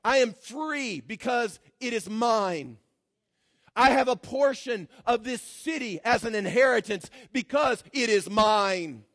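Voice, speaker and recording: Man pastor preaching, high voice, dry close sound, shouts then goes low and mocking. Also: lively intonation, unhurried, dry recording. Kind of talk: sermon. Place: church.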